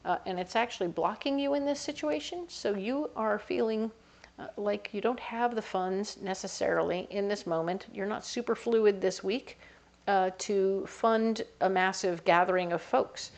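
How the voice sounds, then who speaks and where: A woman's voice: medium pitch, normal speed, darkish tone. A woman giving a casual tarot reading in a chatty, conversational way, sometimes slipping into little voices for the people she talks about. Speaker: tarot reader.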